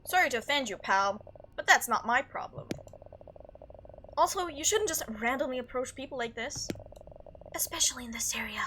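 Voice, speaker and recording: A woman's voice: high-pitched, lively intonation, normal speed, pauses often. A woman voicing a rude, tired man after a late work shift in a game, curt and dismissive, over a noisy background. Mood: annoyed.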